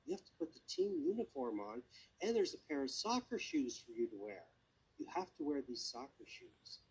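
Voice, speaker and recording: A man's voice: medium pitch, wildly swooping pitch, moderate pace, creaky, slightly rough, heavily acted, poor audio. A man voicing a kindly male soccer coach who gives a player instructions in a children's story. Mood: encouraging.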